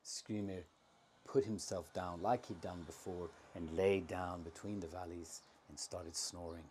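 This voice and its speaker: A man telling an old myth aloud, unscripted, dropping to a hush at tense moments. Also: low-pitched, steady tone, a little slow, a little hiss or hum. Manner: unscripted, drops to a hushed tone for tension. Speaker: storyteller. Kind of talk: oral myth storytelling.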